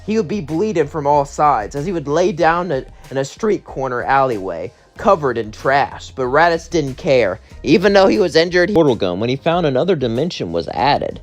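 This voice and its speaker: A man's voice: a little high, sing-song, moderate pace, hardly any pauses, faint music behind. A man narrating an improvised fan story, rambling and correcting himself.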